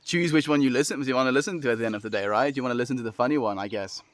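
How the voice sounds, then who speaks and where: A man hosting a daily livestream, reading chat comments aloud and answering them in a relaxed, friendly way with lots of fillers. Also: mid-range voice, very fast, no echo. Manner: relaxed and friendly, many fillers, laughs often. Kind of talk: casual chat.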